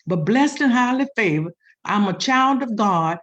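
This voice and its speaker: A woman's voice: a little high, animated, unhurried, fairly bright tone, lo-fi sound. A middle-aged woman hospital chaplain with an African American accent, speaking on a community panel and rising into an emphatic, preacher-like cadence. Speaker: hospital chaplain and pastoral educator.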